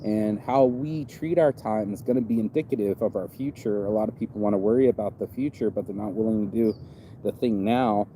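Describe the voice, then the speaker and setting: A man's voice: lowish voice, brisk, dark tone, slight background noise. Laid-back, reflective man in his forties. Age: 40s. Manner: rambling, reflective, laid-back with frequent "you know". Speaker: vlogger. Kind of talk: casual outdoor vlog monologue. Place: outdoors on a campus.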